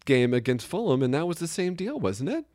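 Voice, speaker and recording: A man's voice: on the high side, big pitch swings, fairly quick, a little mellow, dry recording, clean studio sound. A man co-hosting a casual podcast chat, joking and rambling, often breaking into laughter. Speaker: podcast co-host. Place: Chicago area.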